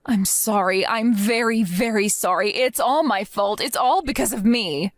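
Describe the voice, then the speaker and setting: A woman's voice: a little high, unhurried, no echo. A woman voicing an exhausted young mother in an acted story, pleading and apologetic. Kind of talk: scripted story acting.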